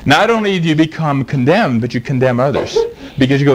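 A man's voice: medium pitch, lively intonation, fairly quick, a crowd in the background, poor audio. A man preaching a sermon, emphatic and fond of rhetorical questions.

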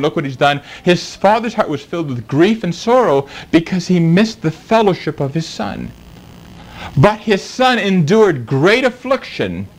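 A middle-aged man preaching a sermon, reading scripture slowly and then explaining it with animated emphasis. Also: sits high, poor audio.

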